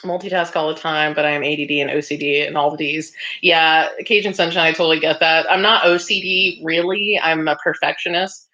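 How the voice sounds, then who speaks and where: A woman with a deep, sharp voice hosts a relaxed craft livestream, speaking fairly quickly with few pauses and a steady tone. She's chatty, reading viewer comments aloud and answering them, laughing often and dropping lots of ums. The sound is slightly dull and lo-fi.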